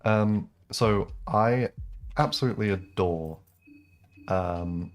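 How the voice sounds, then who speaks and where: Man, low pitch, casual gameplay commentary, rambling, filler-heavy. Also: fairly even intonation, measured pace. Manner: rambling, talkative, full of ums and likes. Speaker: streamer.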